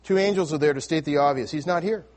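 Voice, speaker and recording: A man preaching a sermon to his congregation, telling a story with frequent restarts and repeated words, swinging between loud emphasis and hushed, near-whispered lines. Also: fairly high pitch, fast. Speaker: pastor. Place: church sanctuary with congregation.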